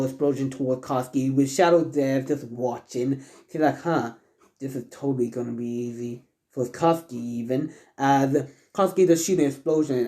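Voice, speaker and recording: A man's voice: medium pitch, mellow. A man casually narrating a fan story, rambling and stumbling with lots of fillers.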